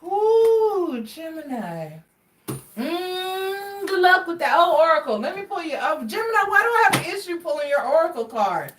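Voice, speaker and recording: A woman giving a casual tarot reading, chatty and expressive as she talks straight to her viewers. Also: extremely high pitch, moderate pace, far from the mic, slight background noise. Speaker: tarot card reader. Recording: roomy sound from away from the mic.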